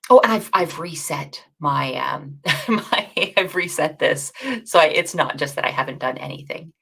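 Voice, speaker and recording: A woman co-hosting a coding bootcamp livestream, chatty and self-deprecating with quick asides. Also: low-pitched, creaky, a bit bright, husky. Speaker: bootcamp co-host. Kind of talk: casual livestream teaching chat.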